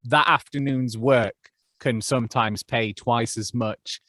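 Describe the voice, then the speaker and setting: Brief: male voice actor guest, casual and self-deprecating, mid pitch, dry close sound. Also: fairly even intonation, a little slow, a bit bright, no echo. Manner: chatty, self-deprecating, many fillers and restarts. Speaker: audiobook narrator guest. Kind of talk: casual interview chat.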